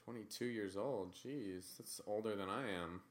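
A man's voice: fairly low pitch, measured pace. A man co-hosting a podcast in casual chat, joking and teasing his co-host.

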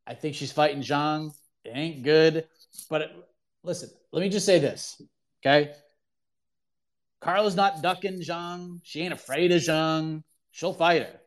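A man's voice: a little high, unhurried, long pauses. Emphatic man hosting a call-in show. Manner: emphatic, opinionated, repeats himself for emphasis. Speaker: podcast host answering callers. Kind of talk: casual sports talk call-in show.

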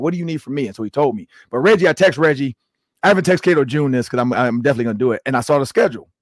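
A man in his forties hosting a sports podcast, telling stories in a casual, animated way with lots of "like". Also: medium pitch, no echo, studio quality. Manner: animated storytelling with many "like"s. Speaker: show host and former coach.

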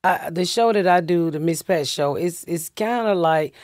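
A woman's voice: fairly low pitch, moderate pace, no echo, studio quality. A middle-aged woman with a Southern US accent, a comedian telling stories in casual talk, swearing freely and acting out what people said. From United States. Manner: profane, animated storyteller acting out quotes. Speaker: comedian guest. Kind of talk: casual storytelling.

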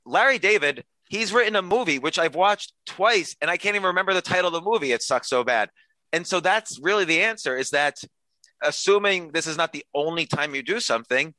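A man's voice: fairly high pitch, lively intonation, a little fast, pushed and bright, no room sound, rough recording. A man guest on a podcast, an author and comedian, telling chatty self-deprecating stories with quoted dialogue. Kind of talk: casual storytelling interview.

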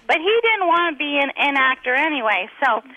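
A woman's voice: sits high, very animated, brisk, lo-fi sound. A middle-aged woman, a comedian guest, telling rambling, giggly anecdotes in casual chat.

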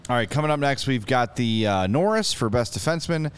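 A man with a mid-range voice hosts a casual sports podcast. He talks briskly and keeps the show moving from segment to segment. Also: medium pitch, lively intonation, smooth. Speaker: podcast host.

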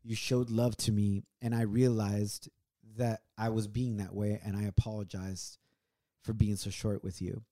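Mellow-voiced man telling a heartfelt story. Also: lowish voice, flat delivery, a little slow. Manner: earnest and reflective. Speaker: podcast co-host.

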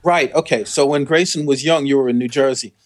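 A man's voice: medium pitch, a little fast. A man co-hosting a casual chat, explaining facts patiently with wry humor. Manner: explanatory, with fillers and restarts, wry. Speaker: co-host.

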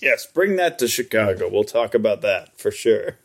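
An American man in a relaxed podcast chat, his voice carrying a gravelly fry. He jokes around and keeps doubling back with fillers and restarts as he talks. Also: lowish voice, normal speed. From United States. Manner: loose and joking, with frequent fillers and restarts. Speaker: podcast co-host. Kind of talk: casual chat.

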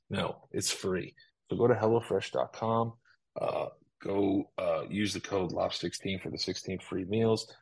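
A man's voice: low voice, steady tone, moderate pace, creaky, breathy edge, low-quality recording. A man co-hosting a podcast, chatting casually and reading an ad loosely with lots of fillers. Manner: laid-back, reads ad loosely with fillers. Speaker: podcast co-host. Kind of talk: casual chat.

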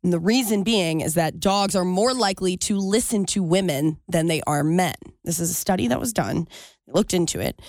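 A woman co-hosting a casual radio show, telling stories in an animated way. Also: lowish voice, moderate pace, no room sound, studio quality. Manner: animated storyteller, laughs often. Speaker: radio co-host.

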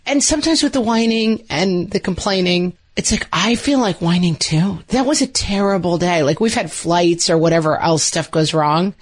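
A chatty middle-aged podcast co-host speaks at a normal speed, her fairly low voice rarely stopping for pauses. She keeps things casual, leans heavily on "like," and performs the dialogue she quotes.

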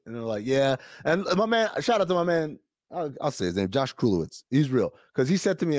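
A man's voice: a little high, normal speed, dry recording, clean studio sound. A man on a podcast, telling a story in casual chat, cursing freely and acting out what others said. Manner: animated storytelling, profane, quotes others in voices. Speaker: podcast co-host.

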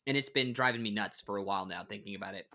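A man's voice: on the low side, rapid-fire, pushed and bright. A man, an actor guest on a podcast, chatting casually and animatedly, laughing often and restarting his sentences. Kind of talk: casual chat.

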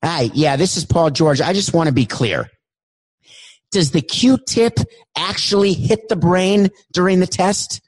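A man putting on a higher voice to play a worried player asking a naive question. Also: unhurried, poor audio.

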